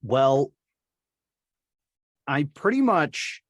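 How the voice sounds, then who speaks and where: A man's voice: mid-range voice, big pitch swings, takes it slowly, pauses often, no echo, clean studio sound. A middle-aged man from Birmingham, England, answering interview questions as a dialect coach, rambling with many fillers and restarts. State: recovering from covid.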